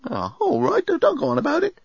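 A man's voice: extremely high pitch, huge pitch swings, fairly quick, creaky, no echo, pitched above the performer's own voice, full character voice. A man voicing a brash, laid-back robot bellhop who talks in breezy slang and sulks when scolded. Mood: sulky. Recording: dull, muffled sound.

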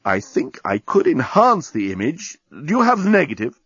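A man voicing a smug male alien navigational officer who speaks slowly and deliberately, in a storybook reading. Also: on the high side, huge pitch swings, fairly bright tone, husky, no echo, voice pushed up, exaggerated voice. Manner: slow, deliberate and superior. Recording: dull lo-fi recording.

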